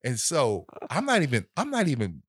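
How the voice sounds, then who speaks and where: A man in casual conversation, telling a story in an animated way and acting out the voices of people in it. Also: mid-range voice, moderate pace, husky, no room sound, studio quality.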